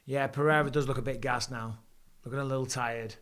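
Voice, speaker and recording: A man, hosting a live fight watch-along and calling the action with rising excitement. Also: medium pitch, a little fast. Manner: excitable, rising for big moments. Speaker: host. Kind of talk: live fight commentary and chat.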